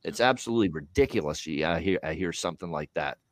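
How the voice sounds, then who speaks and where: A man's voice: low-pitched, expressive, fast, no echo. A man co-hosting a hockey betting podcast, ranting bluntly with profanity and emphatic repetition. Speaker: co-host of a hockey betting show. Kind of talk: heated podcast commentary.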